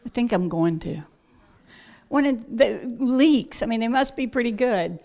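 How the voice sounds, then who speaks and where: A woman preaching a sermon, emphatic and unhurried, with soft quiet asides. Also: on the high side, lively intonation, gravelly.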